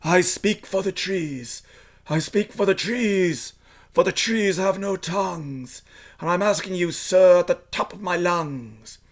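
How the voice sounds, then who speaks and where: A man voicing a short, oldish, mossy forest creature in a storybook reading, sharp and bossy, shouting and puffing as he scolds. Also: high voice, measured pace, pitched above the performer's own voice. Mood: indignant.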